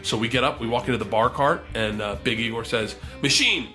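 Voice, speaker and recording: A man telling a long story in casual podcast talk, animated and profane, acting out what people said. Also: mid-range voice, fast, faint music behind. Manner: animated, profane, acts out quotes.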